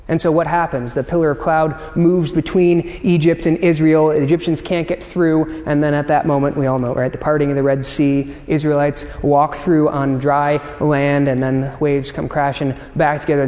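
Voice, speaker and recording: Man, pastor, sermon, chatty, repeats words, high voice, long hall reverb. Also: level tone, moderate pace, darkish tone. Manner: conversational, repeats words, asks "right?" often.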